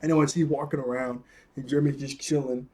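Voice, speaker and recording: A man's voice: mid-range voice, steady tone, fast talker, warm tone, husky. Rambling, chuckling man reviewing cartoons. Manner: rambling, chuckling, filler-heavy retelling. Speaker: episode reviewer. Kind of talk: casual cartoon episode review.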